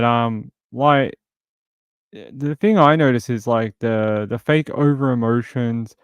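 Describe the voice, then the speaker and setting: A man's voice: medium pitch, clean tone, no echo. A man hosting a true crime stream, mocking a news clip with sarcastic rhetorical questions. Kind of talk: live commentary on a news clip.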